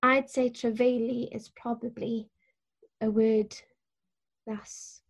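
A woman talks through a casual language lesson in a slightly breathy, husky voice that sits a little high. She is patient and encouraging, slowing down to model each word clearly. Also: little pitch movement. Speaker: Welsh language teacher.

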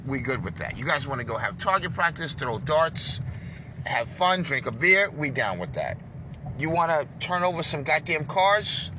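A man hosting a political commentary show, ranting in a loud, profane, combative and preachy way from inside a car. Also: on the high side, very animated, moderate pace, noisy background.

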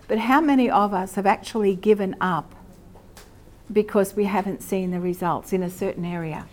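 A middle-aged Australian woman giving a lively, conversational church teaching and asking her listeners questions. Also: mid-range voice, normal speed, slight background noise. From Queensland, Australia. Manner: lively, asks the audience questions.

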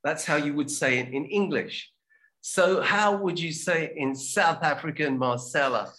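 A man's voice: fairly high pitch, a little slow, sharp tone. A man with a slightly raised voice hosts a language-learning show. He talks in a loose, chatty way. He often restarts his sentences and slips in plugs for the show. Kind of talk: casual chat.

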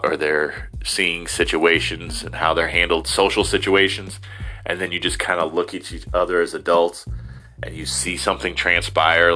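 A man's voice: rumbling low, pushed and bright. A middle-aged man from Ohio rambling in a casual, self-deprecating monologue, slipping into silly voices as he talks. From Ohio, USA. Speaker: vlogger.

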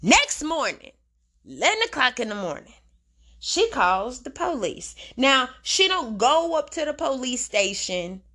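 A woman's voice: sits high, sing-song, a little slow, sharp tone. A young adult woman hosting a podcast, giving a blunt, profane, slang-heavy commentary monologue. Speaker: podcast host.

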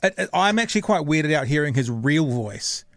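A man's voice: fairly high pitch, very animated, moderate pace, no room sound. A man hosting a podcast, chatting casually and rambling a little while he searches for words. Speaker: podcast host. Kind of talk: casual chat.

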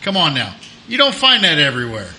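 A man's voice: on the high side, wildly swooping pitch, fairly quick, bright, forceful tone, a little hiss or hum, low-quality recording. A man chatting casually as a podcast guest, joking and swearing freely. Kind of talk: casual chat.

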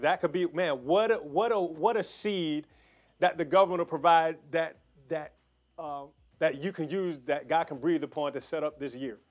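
A man preaching, praying fervently over his listeners and appealing for an offering, with many repeats and quick restarts. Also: fairly high pitch. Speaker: pastor.

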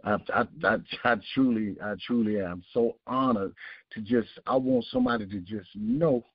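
A man's voice: medium pitch, expressive, moderate pace, gravelly, breathy edge, no room sound. A man, giving earnest testimony with a preaching cadence, repeating his key phrases. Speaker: guest. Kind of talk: emotional testimony. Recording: dull lo-fi sound.

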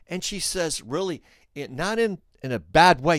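A man hosting a podcast, telling a story in an animated way, restarting phrases and speaking straight to the listeners. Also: fairly high pitch, moderate pace, no room sound, clean studio sound. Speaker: podcast host. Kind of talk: storytelling commentary.

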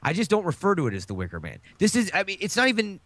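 A middle-aged man talking in a casual podcast, cursing freely and laughing through his rants. His voice swings up and down with a slightly high pitch, recorded close and dry. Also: very fast, no room sound. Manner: animated, profane, laughing rants. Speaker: podcast co-host.

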